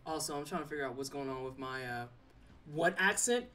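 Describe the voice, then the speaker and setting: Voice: mid-range voice, fairly even intonation, very fast, fairly bright tone, a little hiss or hum. A young adult streamer playing a game live, joking along and teasing the chat in a loose, chatty way. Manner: playful, chatty, teases chat. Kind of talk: casual live-stream commentary. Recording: slightly distant mic, faint game music.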